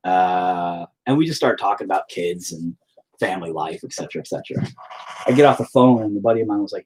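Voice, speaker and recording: A man with a husky, slightly rough voice tells his stories loosely and profanely. His pitch moves a lot and stays lively as he rambles from one story to the next. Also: a little fast. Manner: profane, laid-back, rambling anecdotes. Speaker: painter and musician streaming. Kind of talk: casual storytelling while painting.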